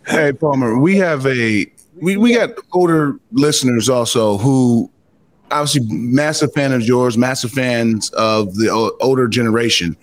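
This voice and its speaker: A man's voice: medium pitch, unhurried. Easygoing man hosting a sports chat. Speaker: podcast host, former player. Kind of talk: casual interview chat.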